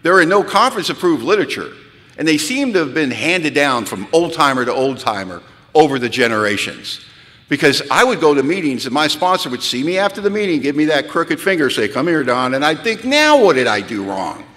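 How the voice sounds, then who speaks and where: Male speaker at a recovery gathering, animated comic storyteller, bright, slightly high voice, reverberant hall. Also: fairly quick. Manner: lively, animated, punchline-driven storytelling. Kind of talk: humorous storytelling talk to an audience. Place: large hall.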